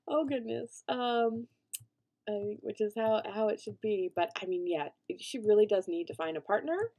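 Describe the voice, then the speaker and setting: A woman's voice: mid-range voice, moderate pace, dark tone. A woman casually commenting on her own gameplay, rambling with lots of fillers and restarts. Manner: rambling, many fillers, bursts into panicked shrieks and laughter. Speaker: let's play gamer.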